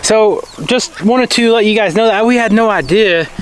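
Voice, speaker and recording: A man's voice: high-pitched, normal speed, a little hiss or hum. A man chatting casually to the camera as he feeds his farm animals outdoors, often talking to the animals themselves. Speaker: farm vlogger.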